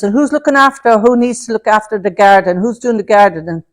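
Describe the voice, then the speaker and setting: Speaking fairly quickly in a mid-range voice, a woman passes on messages in quotes during a mediumship demonstration before an audience at a spiritualist centre hall. Her manner is chatty, and she addresses people warmly as love and darling.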